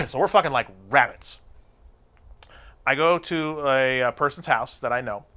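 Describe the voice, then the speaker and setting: A man's voice: medium pitch, unhurried. A man telling a crude story in casual, profane chat and acting out the voices of the people in it. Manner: profane, animated, acts out the voices of people in his stories.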